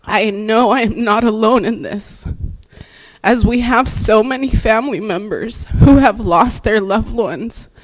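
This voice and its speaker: A woman's voice: on the high side, unhurried, low-quality recording. A woman therapist giving earnest, emotional public comment at a board meeting, reading prepared remarks.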